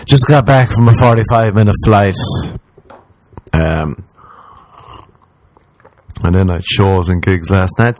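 A young Irish man, a comedian and podcast host, rambles through a story, swearing freely and putting himself down. His voice sits on the lower side. The sound is close and dry, with no room around it. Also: measured pace, long pauses, dry recording. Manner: rambling, profane, self-deprecating. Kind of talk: casual storytelling monologue.

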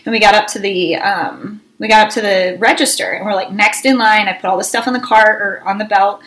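A woman co-hosting a casual chat, telling animated stories and acting out her own yelling. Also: mid-range voice, a little fast, poor audio. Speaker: co-host.

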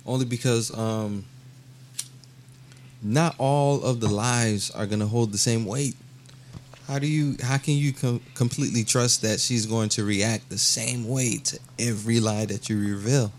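Lower-voiced man co-hosting a podcast, faint hiss. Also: steady tone, unhurried. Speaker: podcast co-host. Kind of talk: casual podcast banter.

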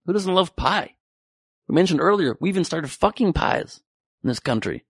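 A man's voice: high voice, very animated, moderate pace, husky, dry recording, clean studio sound. A man doing a stand-up comedy routine, rambling and sarcastic, with frequent profanity.

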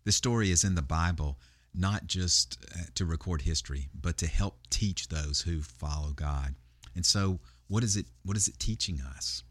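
Low-voiced man preaching a sermon. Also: normal speed, fairly bright tone, dry recording. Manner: conversational, with frequent fillers and restarts. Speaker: pastor. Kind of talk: sermon retelling a Bible story.

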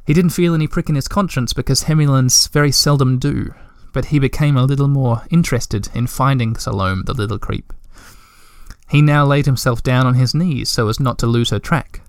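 A man reading a children's storybook aloud in measured, gentle audiobook narration. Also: mid-range voice, dry recording, studio quality.

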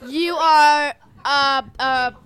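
Excited girl bossing the skit, bright high voice. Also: extremely slow. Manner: eager, bossy ideas. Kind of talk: casual chat.

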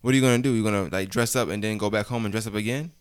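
Fast-talking teasing dad vlogger. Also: male voice, on the low side, clear, resonant tone. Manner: teasing, playful, rambling. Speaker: father and vlog host interviewing his kids. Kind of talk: casual family chat. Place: home, indoors.

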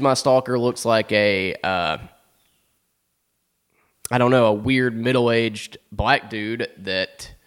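A man's voice: mid-range voice, smooth. A young man, hosting a comedy show and telling an exasperated, profanity-laced story in casual monologue.

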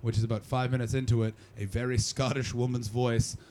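Doing stand-up in a small cellar club, this man speaks briskly at medium pitch, with a little hiss or hum in the audio. His storytelling is profane, brash, and animated, and he teases the audience.

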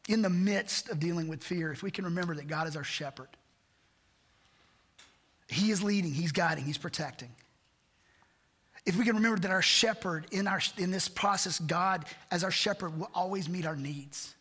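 A man preaches a sermon in a high, bright voice, earnest and full of rhetorical questions. The sound rings with the long reverb of a church sanctuary. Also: normal speed. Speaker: pastor.

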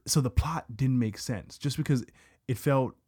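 A man's voice: medium pitch, normal speed, mellow, breathy edge. Rambling man on a casual podcast. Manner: rambling, stammering restarts. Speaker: podcast co-host.

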